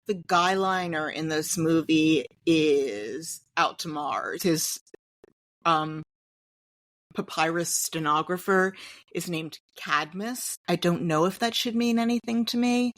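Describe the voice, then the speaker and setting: A woman's voice: on the low side, slow pace, a bit bright. A woman co-hosting a film podcast, giving a wry, explanatory review in casual chat. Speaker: podcast co-host.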